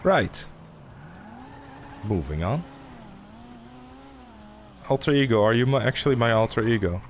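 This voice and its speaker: A male streamer hosting a casual live chat through a mixer mic. He teases his guests, swears freely and breaks into laughter often. His voice sits at an ordinary middle pitch, with a faint hiss behind it. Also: lively intonation, measured pace. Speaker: streamer host.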